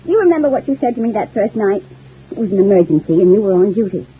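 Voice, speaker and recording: A clingy young widow gushes and confides in a husky, breathy voice that swoops up and down. It is 1940s radio soap acting. The sound is thin and tinny, like an old radio broadcast. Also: female voice, medium pitch, big pitch swings, fast. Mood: wistful. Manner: gushing, wistful and intense.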